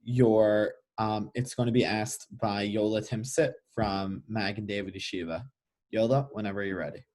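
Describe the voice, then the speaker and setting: A man's voice: fairly low pitch, steady tone, moderate pace, a little mellow. A man moderating an event, politely introducing the next questioner with a few hesitant fillers.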